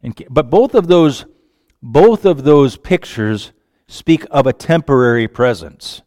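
A man preaching a sermon with passion, moving from quiet, reflective lines to sudden wailing cries. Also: mid-range voice, very animated, unhurried, no echo, clean studio sound.

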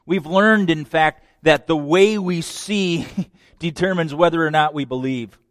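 A man preaching a sermon, dramatic, swinging between loud declarations and hushed lines. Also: on the high side, measured pace, dry recording, clean studio sound.

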